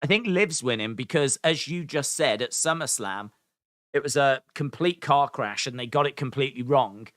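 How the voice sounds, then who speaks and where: Chatty podcast host, dry sound. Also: male voice, mid-range voice, lively intonation, normal speed, a bit bright, no room sound. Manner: chatty, rambling, self-deprecating. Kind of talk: casual podcast chat.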